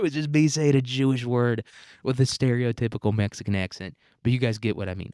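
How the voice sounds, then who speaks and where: A man rambling through a crude, casual solo podcast monologue at a medium pitch, often breaking into laughter. His voice sits close to the mic in a completely dry, dead-sounding room. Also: steady tone, brisk, darkish tone, clear, resonant tone, no echo. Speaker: podcast host.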